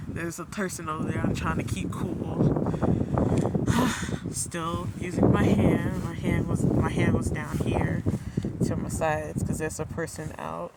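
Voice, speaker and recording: A young adult woman vlogging outdoors in a snow flurry on her phone, excitable and giggly, exclaiming often. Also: low voice, slow pace. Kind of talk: casual vlog commentary. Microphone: phone held by the speaker. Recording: heavy wind noise on the phone mic. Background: loud gusting wind.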